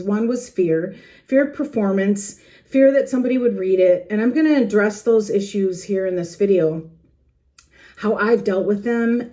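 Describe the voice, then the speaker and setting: Middle-aged woman host, earnest and chatty, mid-pitched, talking to camera at home. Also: warm tone. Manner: earnest, chatty, with small laughs and restarts. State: a little out of breath. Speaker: journaling channel host. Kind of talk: casual heartfelt talk to camera. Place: home planner room. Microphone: camera facing her.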